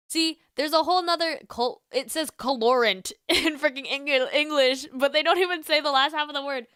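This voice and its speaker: A woman streamer chatting casually on a livestream, giggly and animated, full of "like" fillers. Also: high-pitched, moderate pace, few pauses, dry recording, studio quality.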